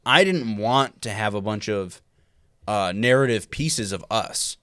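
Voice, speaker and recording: A man's voice: lowish voice, lively intonation, unhurried, sharp tone, smooth, dry recording, studio quality. A documentary filmmaker, a man who laughs easily and explains things plainly in casual conversation.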